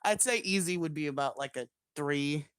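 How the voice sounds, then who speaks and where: A man's voice: fairly high pitch, moderate pace, fairly bright tone, clean tone, no room sound, clean studio sound. A man hosting a casual podcast chat with friends, laughing often and answering questions with lots of "like.". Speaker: podcast host pitching a game idea.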